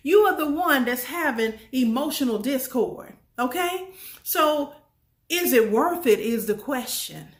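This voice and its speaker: A woman's voice: high voice, expressive, unhurried. Emphatic woman giving a motivational talk. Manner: emphatic and repetitive, folksy, asks the audience questions. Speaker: motivational speaker. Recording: roomy echo.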